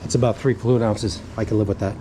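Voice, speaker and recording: A man's voice: fairly low pitch, fairly even intonation, fast, background noise. A man casually talking through a bike tube repair in a vlog, rambling, muttering to himself and swearing now and then. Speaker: vlogger.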